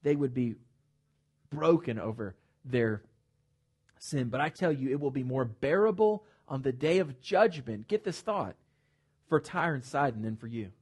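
A man preaching a sermon to his congregation, emphatic and animated, with joking asides and repeated words at the starts of phrases. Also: medium pitch, unhurried, slightly rough. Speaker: pastor. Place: church sanctuary with congregation.

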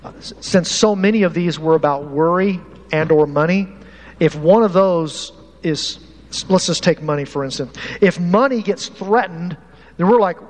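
A man preaching a lively sermon to his congregation as pastor, animated and talking straight to the people in the pews. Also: high-pitched, normal speed. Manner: animated, uses props, talks to the congregation. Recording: hall reverb, faint room noise.

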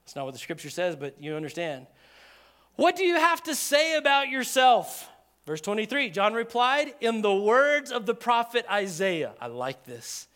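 A man preaching a sermon in a conversational, animated way, acting out quoted voices. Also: sits high, moderate pace. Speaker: pastor.

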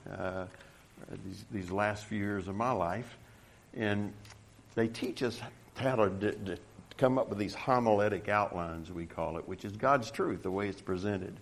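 With a fairly low pitch, a middle-aged pastor gives a sermon marked by repeated false starts and self-deprecating humor. His delivery grows emphatic and loud whenever he reads scripture to the congregation.

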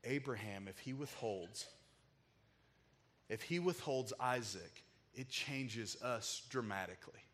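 A man's voice: medium pitch, animated, slow pace, a bit bright. A man preaching a sermon, telling a heartfelt personal story in an emotional, casual way with frequent filler words. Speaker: pastor.

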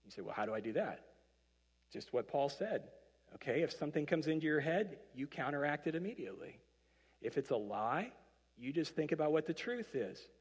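A male pastor delivers a relaxed, conversational sermon, slipping into acted-out voices for the people he quotes. His voice sits a little higher than most men's. The long reverb of a church auditorium hangs behind every phrase. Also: fairly quick, slightly rough. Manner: conversational preacher, playful asides, acts out quoted voices. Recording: reverberant hall.

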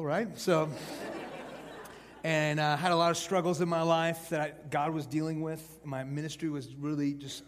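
Animated preacher man in a reverberant hall. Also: a little high. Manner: conversational, swings from hushed to loud emphatic. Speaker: evangelist preacher. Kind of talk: sermon to college students.

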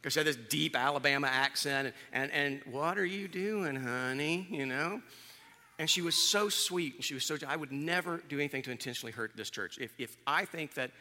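A man's voice: mid-range voice, brisk, sharp tone, long reverb tail. A man in his fifties, a pastor, giving a candid, conversational sermon in a church. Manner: candid, conversational, self-deprecating. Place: church sanctuary.

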